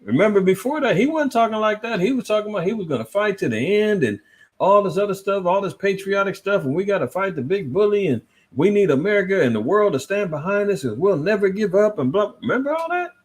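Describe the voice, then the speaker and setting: A man hosting a casual news commentary livestream, reading articles aloud and answering his chat in a lively, swinging voice. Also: fast. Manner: animated, swinging between loud and low, reads articles aloud, talks to chat. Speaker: host.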